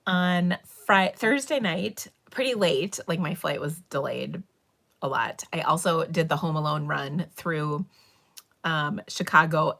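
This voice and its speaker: A woman's voice: lowish voice, a bit bright. A middle-aged woman, hosting a live stream and chatting casually, rambling through stories with laughs and fillers. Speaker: livestream host. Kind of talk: casual chat.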